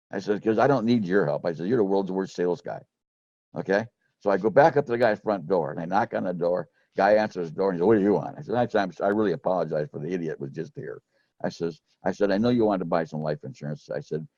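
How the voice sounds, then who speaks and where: A man's voice: sits low, warm tone, no echo, dull audio. A middle-aged man telling rambling, folksy stories about selling insurance, with lots of restarts. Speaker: former insurance sales manager telling sales stories. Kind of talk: casual storytelling chat.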